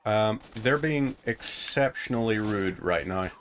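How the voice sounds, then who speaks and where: A man's voice: lowish voice, expressive, measured pace, background noise. A man giving casual commentary while playing a game, chatting to himself as he goes. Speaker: gaming streamer.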